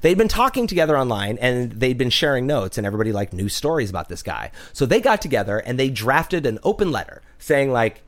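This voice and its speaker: A man co-hosting a casual talk podcast, telling a story with an animated manner, swearing freely and mimicking the people he quotes. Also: medium pitch, brisk, few pauses. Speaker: podcast co-host.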